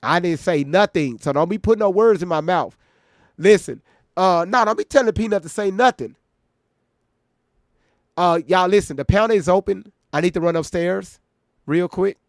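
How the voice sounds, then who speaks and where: A man's voice: sits high, normal speed, pauses often, no echo, clean studio sound. A man hosting a reaction livestream, talking bluntly and with profanity straight to his viewers in casual chat.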